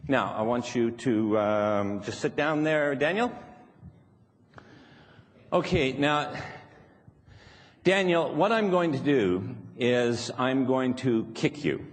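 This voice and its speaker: A man's voice: medium pitch, slow, pauses often. Playful man speaking in a reverberant hall. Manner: playful, laughs often, acts out quoted voices. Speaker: seminar speaker. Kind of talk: live workshop talk. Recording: reverberant hall, faint background noise.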